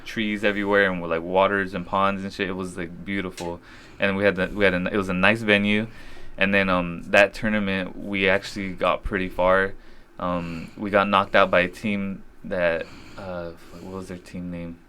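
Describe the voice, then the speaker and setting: A young man with a fairly low voice co-hosts a casual podcast. He is laid-back and laughs easily, peppering his talk with slang. A faint hiss of background noise sits under his voice. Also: level tone, normal speed, sharp tone. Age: young adult. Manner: laid-back, laughs often, says "dog" and "dude". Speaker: podcast co-host. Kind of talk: casual chat.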